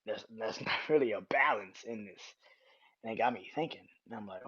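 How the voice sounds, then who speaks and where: A man's voice: lowish voice, normal speed, pushed and bright, breathy edge. A young man hosting a solo podcast, talking casually in a rambling way with frequent restarts and free swearing. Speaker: podcast host. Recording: dull lo-fi sound.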